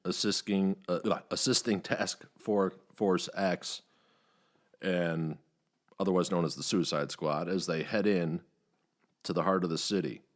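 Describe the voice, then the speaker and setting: A man with a very low voice recaps a movie on his podcast. He rambles, stops often to hunt for words, and swears casually as he goes. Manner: rambling, many "uh" fillers, profane, acts out quotes in higher voices. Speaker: podcast host reviewing a movie.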